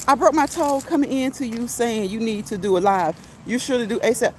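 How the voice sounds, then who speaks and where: Woman, raised pitch, chatty, laughing, faint background noise. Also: expressive, brisk, darkish tone. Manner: chatty, laughs often, reads out comments. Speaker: live stream host. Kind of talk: casual live-stream chat.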